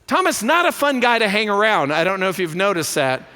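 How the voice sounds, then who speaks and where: A male pastor preaching a sermon in a church, animated and full of rhetorical questions. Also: sits high, brisk, big-room sound. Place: church sanctuary.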